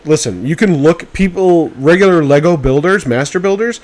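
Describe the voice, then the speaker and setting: Excitable swearing man chatting casually. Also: on the high side, moderate pace. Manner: excitable, swears freely, trails off and restarts. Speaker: podcast host. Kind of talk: casual chat.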